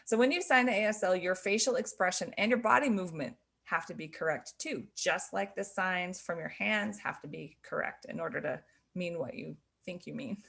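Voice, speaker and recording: A middle-aged woman teaching sign language, explaining gently and laughing softly between points. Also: on the low side, normal speed, vocal fry, hardly any pauses. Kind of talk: explaining to learners on camera.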